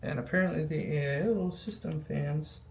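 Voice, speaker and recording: A man's voice: on the high side, normal speed, vocal fry, a little hiss or hum. A young adult man rambling casually while building a PC, with lots of ums and the odd swear word. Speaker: PC builder vlogger. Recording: echoey room with faint ambience.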